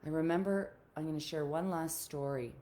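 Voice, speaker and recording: A woman's voice: sits low, normal speed, warm tone. A woman relationship coach telling a personal story to listeners on a live call, in an earnest, confiding way that speaks straight to them. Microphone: video call.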